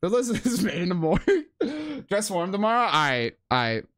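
A man's voice: sits high, huge pitch swings, fairly quick, fairly bright tone. A man streaming a game live, giving casual, profane, slangy commentary and laughing often.

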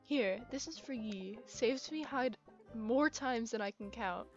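A hefty, good-natured old male seal sailor voiced by a woman booms out his lines in a put-on pirate accent, full of hearty growls. The voice sits fairly high for a gruff old seal. The sound is muffled, with video game music playing underneath. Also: measured pace.

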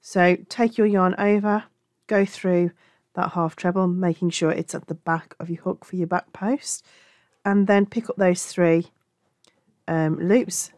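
A woman's voice: fairly low pitch, fairly even intonation, measured pace, darkish tone, dry recording, clean studio sound. A woman with a Black Country accent from England, teaching crochet in a chatty, affectionate way and often correcting herself. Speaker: crochet tutor. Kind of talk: crochet tutorial.

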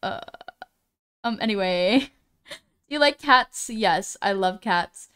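A woman's voice: medium pitch, expressive, slow pace, a bit bright, clear, resonant tone. A woman streaming live, chatting casually as she reads viewers' messages aloud, often stumbling over names and apologizing.

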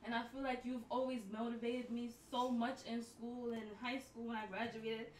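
A woman's voice: on the high side, little pitch movement, moderate pace, a little hiss or hum. A young woman from New York speaking earnestly and steadily, heartfelt. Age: young adult. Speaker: streamer's twin sister. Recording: roomy, distant mic.

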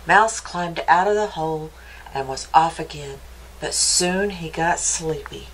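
A woman reading a picture book aloud to children for a library storytime, stopping often to ask them gentle, playful questions. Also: low-pitched, unhurried, a little hiss or hum, rough recording.

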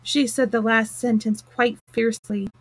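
A woman reading a classic novel aloud on a live stream, plain and steady with small slips and restarts. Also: a little high, moderate pace, no room sound, poor audio. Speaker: storyteller. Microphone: close mic, live stream.

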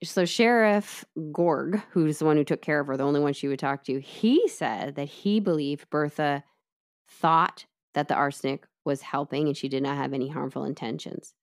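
Woman w a low voice walking her friend thru a crime case, chatty, tosses in side comments. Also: normal speed. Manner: chatty, lively retelling with asides. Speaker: podcast co-host telling the case. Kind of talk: casual true-crime storytelling.

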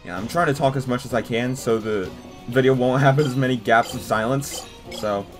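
A young man doing casual let's-play commentary, excitable and jumpy, talking to his viewers as he plays. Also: mid-range voice, moderate pace, over music. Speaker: gaming YouTuber.

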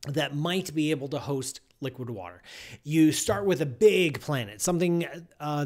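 Male science-show host, lively and theatrical, mock-outraged, big swings between loud and muttered. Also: a little high. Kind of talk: live science show monologue.

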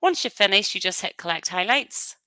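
A woman giving a webinar software demonstration as a trainer, talking on a headset mic in a chatty, explanatory way with practical asides. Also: medium pitch, sing-song, fairly quick, dry recording.

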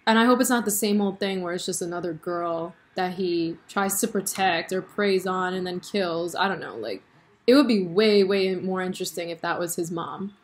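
A young woman talking to her vlog camera in a loose, chatty way. She rambles, fills every pause with "like" and "um", and breaks into laughs. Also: fairly low pitch. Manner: chatty, animated, lots of fillers and laughs. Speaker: vlogger. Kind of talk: casual chat about a TV show.

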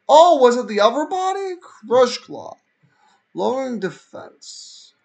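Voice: mid-range voice, big pitch swings, takes it slowly, gravelly, a little mellow. A VTuber streamer giving casual gameplay commentary, playfully mocking opponents, with faint game music behind.

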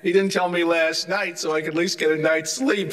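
A man's voice: fairly high pitch, fairly even intonation, brisk, fairly bright tone. Wry older man lecturing. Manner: wry, joking asides; chatty, rambling with restarts. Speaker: guest theology lecturer. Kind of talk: humorous anecdotal lecture.

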